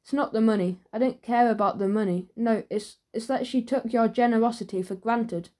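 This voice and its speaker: A woman voicing a gentle, direct schoolgirl in a children's audiobook. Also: a little high, brisk, lightly acted. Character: kind, confident schoolgirl.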